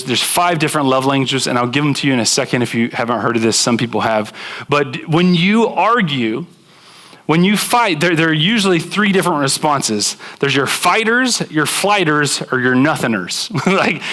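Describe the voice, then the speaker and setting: A young man preaching a conversational sermon to a church congregation, acting out quoted spouses in animated bursts. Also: mid-range voice. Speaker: pastor. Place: church sanctuary with live congregation.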